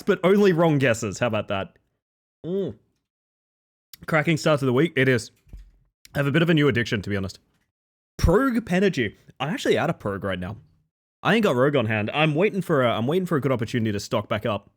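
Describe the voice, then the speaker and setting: Lively excitable man streaming. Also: fairly quick, long pauses. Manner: excitable, swears, laughs often, swings between loud outbursts and soft low asides. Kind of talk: casual live-stream chat.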